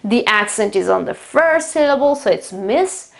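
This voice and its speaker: A woman, a native Italian speaker, teaching an English pronunciation lesson at a whiteboard, explaining patiently with frequent fillers and saying words slowly several times over. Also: fairly high pitch, animated, vocal fry. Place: room with a whiteboard.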